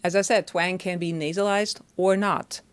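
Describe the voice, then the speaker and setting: A woman's voice: fairly low pitch, fairly even intonation, moderate pace, smooth, no room sound. A woman voice teacher explaining singing technique in a chatty, step-by-step way, often checking in with the listener.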